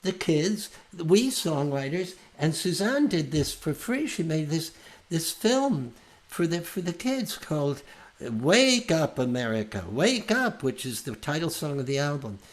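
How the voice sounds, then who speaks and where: A man's voice: on the high side, big pitch swings, a little slow. An older man, a folk singer, talking earnestly and rambling, often restarting his sentences. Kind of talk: heartfelt casual chat after a song.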